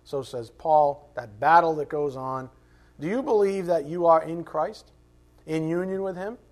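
In a classroom with a board, a man teaches a Bible class conversationally, asking rhetorical questions and acting out quoted voices. His voice is on the high side and unhurried.

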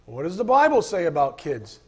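A man's voice: on the high side, fairly quick, husky. Man preaching a rambling, informal sermon. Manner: rambling, informal, flares into animated rants. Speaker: pastor. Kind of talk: conversational sermon.

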